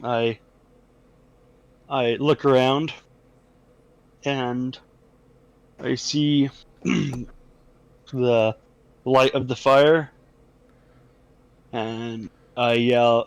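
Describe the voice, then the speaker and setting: Slow, hesitant male player. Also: medium pitch, steady tone, no room sound, low-quality recording. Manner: hesitant, throat-clearing. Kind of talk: tabletop game play.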